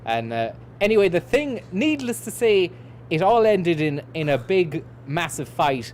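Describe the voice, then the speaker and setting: A man's voice: sits high, very animated, measured pace, a little mellow, a little hiss or hum. A man streaming a game, rambling and swearing casually while he reads out and answers chat messages. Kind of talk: casual let's-play commentary.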